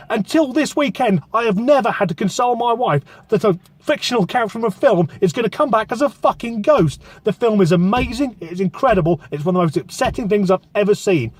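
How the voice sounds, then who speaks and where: A man reviewing a film in a casual, profanity-laced way, swept up in retelling it. His voice sits a little on the high side. He talks from inside a parked car. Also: quick pace, few pauses, breathy edge, dry recording. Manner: sweary, excitable storytelling.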